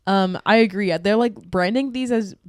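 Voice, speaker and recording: A woman's voice: medium pitch, moderate pace, darkish tone, clear, resonant tone, no echo, clean studio sound. A woman in her twenties co-hosting a podcast, chatting casually with frequent laughs. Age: 20s. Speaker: podcast co-host. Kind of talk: casual chat.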